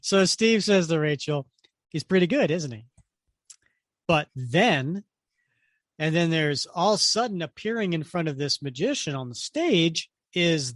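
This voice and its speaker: A man co-hosting a podcast in casual chat, animated and argumentative, laughing often. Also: on the high side, dry recording, clean studio sound. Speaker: podcast co-host.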